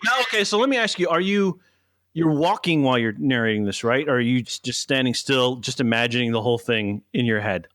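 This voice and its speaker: A man hosting a podcast in casual chat, jokey and quick to react and tease. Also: mid-range voice, expressive, a bit bright, dry recording, clean studio sound. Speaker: podcast host.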